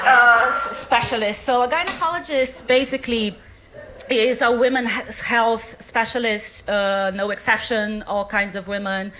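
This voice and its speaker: A woman's voice: medium pitch, bright, forceful tone. A woman in her thirties, not a native English speaker, doing a rambling, self-mocking stand-up comedy set on a club stage. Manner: chatty, rambling, self-mocking, many fillers. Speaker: stand-up comedian, obstetrics and gynaecology doctor. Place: stage in a club before a live audience.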